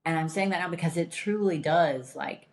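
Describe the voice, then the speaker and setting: A woman's voice: low voice, normal speed, soft background music. A woman hosting a podcast in candid casual chat, emphatic and blunt, swearing freely. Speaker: podcast host.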